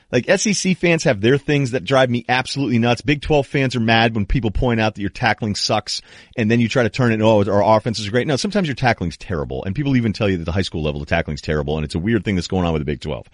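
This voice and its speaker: A middle-aged man hosting a sports talk show, delivering an animated monologue and acting out quoted people in raised voices. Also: mid-range voice, no room sound, clean studio sound. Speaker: sports talk radio host.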